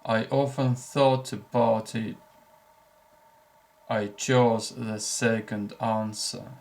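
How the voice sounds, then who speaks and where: A male English teacher, a native Russian speaker, reading short example sentences for learners slowly and deliberately, with clear breaks between sentences. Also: fairly low pitch, a little mellow.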